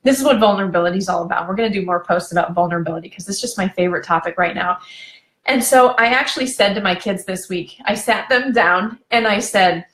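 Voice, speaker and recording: Woman relationship coach, live stream training, chatty and animated, laughs often, middle pitch, echoey room. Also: quick pace.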